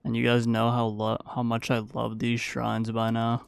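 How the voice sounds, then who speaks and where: Gaming YouTuber, male, mid-pitched, gravelly yet smooth, easygoing play-by-play voice-over. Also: completely flat delivery, normal speed. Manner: casual, playful play-by-play recap. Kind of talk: gameplay commentary voice-over.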